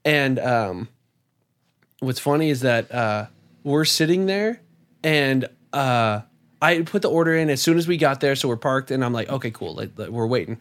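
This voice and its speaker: A man in casual chat, telling an animated story with lots of swearing and filler words. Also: medium pitch, moderate pace. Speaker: podcast guest.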